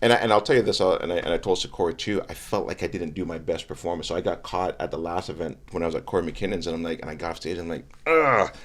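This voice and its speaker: A man with a deep, low-set voice speaks as an interview guest. He tells his stories with lively energy and slips into the voices of the people he quotes. The talk is casual and unscripted. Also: rapid-fire, few pauses. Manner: animated storyteller, acts out quotes. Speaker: guest investor.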